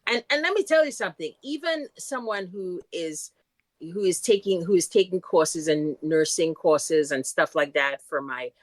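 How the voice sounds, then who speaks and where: A woman co-hosting a podcast talks through a TV episode with a casual, chatty manner and frequent asides. Her voice sits slightly low. The recording is close and dry, with no room sound. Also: lively intonation, no echo. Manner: chatty recapping with quick asides. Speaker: podcast co-host. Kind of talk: casual rewatch chat.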